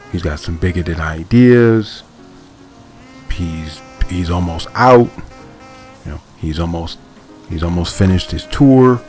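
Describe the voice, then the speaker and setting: A podcast host with a deep, darkish voice casually and thoughtfully breaks down a comic book. His talk is full of fillers and phrases he stops and restarts.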